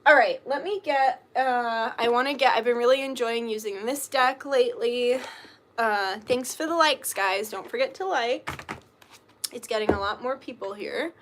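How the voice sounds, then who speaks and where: A woman's voice: fairly high pitch, normal speed, a bit bright. A woman reading tarot and chatting casually, rambling with lots of filler words and the odd swear word. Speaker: tarot reader. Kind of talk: casual livestream chat.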